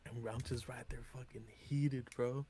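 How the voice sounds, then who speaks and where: A man's voice: mid-range voice, fairly even intonation, moderate pace, mellow, slight background noise. Profane man telling a street-fight story. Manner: profane, rambling, acts out quotes. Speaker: streamer. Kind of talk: casual storytelling on a live stream.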